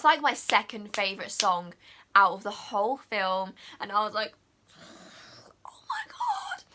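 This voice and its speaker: Bright gushing young woman vlogger. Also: medium pitch. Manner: gushing, heavy use of "like" and "oh my God". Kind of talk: casual chatty film review.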